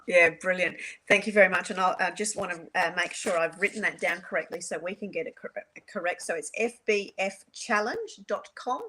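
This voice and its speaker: A woman hosts an interview show with a bright, forceful voice. She is chatty and affirming, and her speech is full of fillers and restarts. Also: lowish voice, brisk, few pauses, low-quality recording. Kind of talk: casual interview chat.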